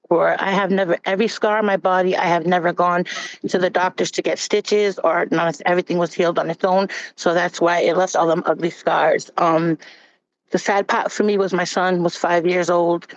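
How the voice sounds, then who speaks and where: A woman's voice: fairly low pitch, fairly even intonation, moderate pace, no room sound. Woman telling her story straight and blunt on a panel, sounds kinda muffled and dry. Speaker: panel guest. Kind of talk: personal testimony. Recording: dull, dry recording.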